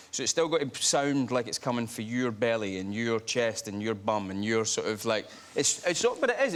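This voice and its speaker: A Scottish man in his thirties, a guest actor telling self-mocking stories on a studio chat show. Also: medium pitch. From Scotland. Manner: animated, self-mocking storytelling. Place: TV studio with audience.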